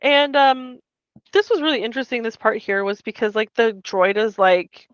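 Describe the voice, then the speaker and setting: A woman co-hosts a relaxed book-discussion podcast, recounting scenes animatedly and slipping into the characters' lines. Her voice sits fairly high. The recording is dry and a little dull in tone. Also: moderate pace, smooth, no echo. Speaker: podcast co-host. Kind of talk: casual chat recapping a book.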